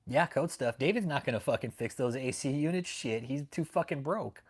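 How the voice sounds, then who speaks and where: A man's voice: medium pitch, animated, normal speed, few pauses, husky. A man hosting a casual livestream, talking bluntly and profanely and greeting viewers in the chat. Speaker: livestream host.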